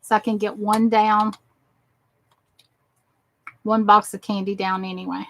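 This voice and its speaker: Tired, slow-talking woman crafter. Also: mid-range voice, flat delivery, slight background noise, poor audio. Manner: rambling, talks to herself while working. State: exhausted. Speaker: craft channel host. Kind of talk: casual crafting chat.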